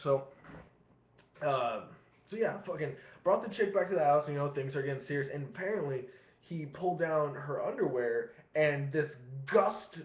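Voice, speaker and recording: With a slightly high voice and a moderate pace, an animated vlogger casually spins a long, profane yarn into the webcam facing him, laughing between phrases as he rambles. Echo from the room and dull, lo-fi audio color the recording.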